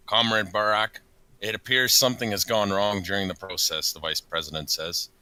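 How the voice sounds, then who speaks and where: A man reading a comedic story aloud in a deadpan way. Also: deep voice, a little fast, no room sound, low-quality recording. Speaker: reader.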